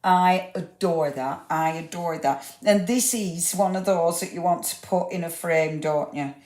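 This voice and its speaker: A woman's voice: on the low side, unhurried, darkish tone. A woman hosting a live craft show, chatty and gushing as she shows each item and talks to viewers by name. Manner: talks to viewers by name, asks them questions. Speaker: craft livestream host. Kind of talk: live product demonstration. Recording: echoey room.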